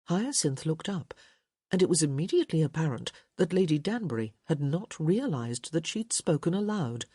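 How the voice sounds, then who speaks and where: Expressive woman narrating an audiobook. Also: low-pitched, moderate pace, slightly rough, no room sound, studio quality. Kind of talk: scripted narration.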